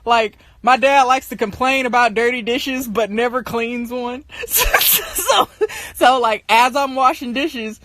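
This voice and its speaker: A woman's voice: fairly high pitch, expressive, a little slow, a bit bright, no echo. A young woman telling stories to her viewers in a casual, exasperated way, often laughing as she rants. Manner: ranting, exasperated. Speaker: livestream host.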